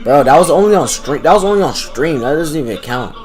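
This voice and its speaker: A man's voice: fairly high pitch, expressive, fairly quick, a little mellow. A man livestreaming in casual chatter to his chat, chanting one word over and over in a rhythmic loop between remarks.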